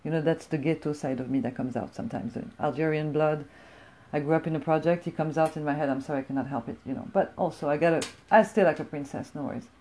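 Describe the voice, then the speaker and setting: Middle-aged woman from france ranting a story, blunt and swearing a lot, low mellow voice. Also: quick pace. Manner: blunt, profane, animated. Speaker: vlogger. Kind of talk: casual storytelling rant.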